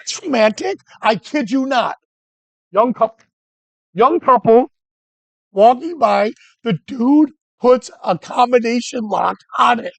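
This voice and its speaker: A man teaching photography who tells animated, joking stories and keeps breaking off and restarting his sentences. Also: extremely high pitch, measured pace, dry recording. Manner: animated anecdotes, self-interrupting, joking. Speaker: photography instructor. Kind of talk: storytelling during a workshop lesson.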